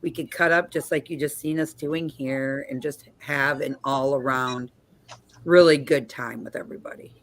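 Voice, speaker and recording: A woman hosting a casual group video call, chatty and quick to laugh. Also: very deep voice, fairly even intonation. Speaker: host.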